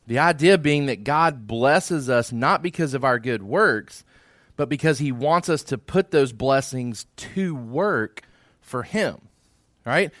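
A man's voice: fairly high pitch, a bit bright, dry recording, studio quality. A man preaching a sermon as pastor, earnest and repeating phrases for emphasis.

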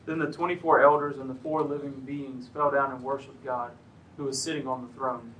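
A man's voice: medium pitch, little pitch movement, brisk, a little hiss or hum, rough recording. A man reading scripture aloud during a church service, putting emphasis on the proclaimed lines. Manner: emphatic, rising on the shouted lines. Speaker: scripture reader.

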